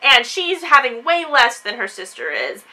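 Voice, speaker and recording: A woman chatting casually in a book discussion vlog, animated and quick to act out quotes. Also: fairly high pitch, rough recording. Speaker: book reviewer.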